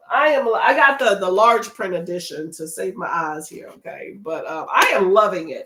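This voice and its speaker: A woman's voice: mid-range voice, fairly bright tone. A woman hosting a casual livestream, chatty and laughing often as she reads out chat comments, with a runny nose and feeling under the weather. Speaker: livestream host.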